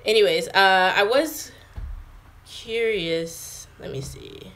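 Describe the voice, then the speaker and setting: A bright-sounding woman in her twenties, American, speaks slowly at a medium pitch. She's a vlogger livestreaming indoors from her home in England, casually reading viewer comments and answering them with plenty of filler words.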